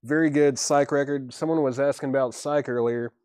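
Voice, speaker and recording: A relaxed man hosts a live record sale from a shop, calling out albums, prices and buyers in an easygoing way. His voice sits at an ordinary middle pitch. The sound is dry, with no room echo. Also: fairly quick, clean tone. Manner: easygoing, reads prices and buyer names, chuckles at himself. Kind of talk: casual live-stream selling.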